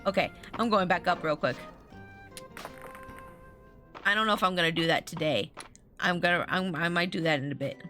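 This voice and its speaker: While live-streaming a farming game, a woman rambles to her viewers, reads their chat aloud, and frequently starts her sentences over. Her lowish voice has a sharp tone, and she speaks at normal speed with frequent pauses. Game music plays faintly in the background.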